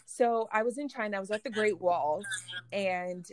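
A woman podcast host tells stories in a loose, chatty way and laughs often. Her voice sits at a middle pitch and sounds close and dry, with no room around it. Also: moderate pace, no echo. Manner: lively storytelling, laughs often. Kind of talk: casual chat.

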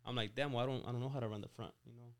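Fast-talking young man from Mexico. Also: medium pitch, fairly even intonation. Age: 20s. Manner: rapid and chatty, full of "like" and "you know", restarts words. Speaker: podcast guest, auto shop owner. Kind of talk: casual storytelling in a podcast interview.

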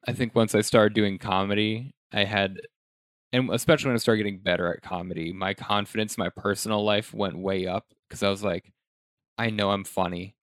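A male podcast host talks in a relaxed, reflective way, peppering his speech with "like." His voice sits on the low side and the recording is dry and close, with no room sound. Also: brisk, no echo. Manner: relaxed, reflective, many "like" fillers. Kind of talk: casual chat.

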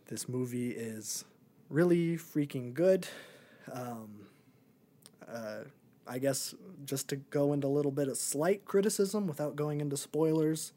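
A man's voice: medium pitch, a little mellow. Young man, podcast co-host, casual movie chat, rambling, lots of ums. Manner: rambling, many ums and likes.

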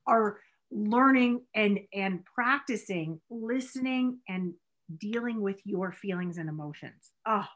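A woman's voice: medium pitch, slow pace, fairly bright tone. An encouraging woman host draws out her guests and affirms their stories. Her talk is supportive and upbeat. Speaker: host, coach. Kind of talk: podcast interview.

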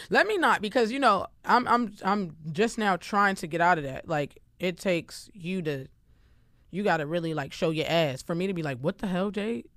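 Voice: mid-range voice, moderate pace, a bit bright, no room sound, studio quality. A podcast co-host in casual chat who talks loosely and animatedly, using lots of slang and filler words.

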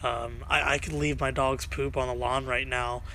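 Hesitant male podcast host, bright voice. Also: mid-range voice, flat delivery, a little hiss or hum, rough recording. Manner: halting, many ums and uhs. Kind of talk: casual chat.

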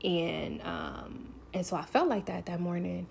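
Woman vlogging, kinda low gravelly voice, rambly w lots of "like", faint hiss behind. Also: measured pace, darkish tone. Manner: rambling, many "like" fillers, open and confessional. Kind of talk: casual personal storytelling.

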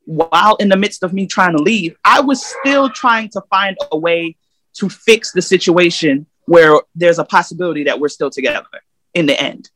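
A woman's voice: on the low side, normal speed, fairly bright tone, no echo. A woman guest in a casual interview, telling her own story in a candid, emphatic way. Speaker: podcast guest.

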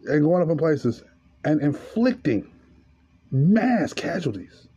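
Profane storytelling man, dark lo-fi voice. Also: a little high, sing-song, takes it slowly, husky. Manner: profane, storytelling, rising to angry rant. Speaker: podcast host. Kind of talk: casual monologue.

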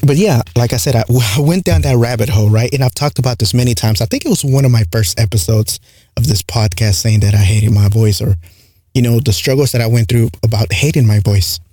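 A man's voice: medium pitch, a little fast, mellow, no room sound, clean studio sound. A man hosting a podcast on his own, rambling casually with lots of "like" and "right?" fillers, in a light accent. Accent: light non-native English accent. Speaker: podcast host. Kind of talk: casual solo podcast monologue. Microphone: close studio mic with compressor.

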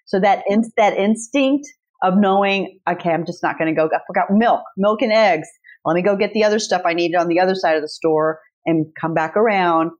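A brash, blunt woman guest spins stories in a casual chat, her lowish voice coming through a dull, muffled line. She swears easily and talks to herself out loud as she tells them. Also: fairly quick. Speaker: podcast guest, author.

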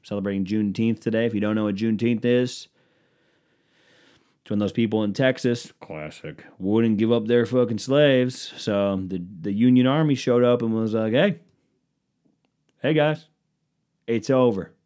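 A man's voice: lowish voice, normal speed, warm tone, clear, resonant tone. A man hosting his own solo comedy podcast, rambling through profane, self-mocking tangents. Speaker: podcast host.

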